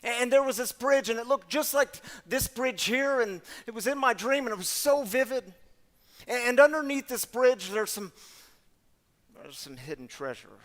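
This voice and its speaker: A man voicing a humble male rabbi who earnestly and haltingly explains a vivid dream. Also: very high voice, animated, fairly bright tone, big-room sound, pitched above the performer's own voice.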